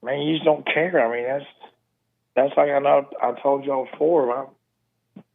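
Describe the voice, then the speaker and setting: A man with a Southern accent calling in, mumbling and talking fast in casual chat. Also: medium pitch, fairly even intonation, vocal fry. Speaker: caller. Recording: tinny phone line.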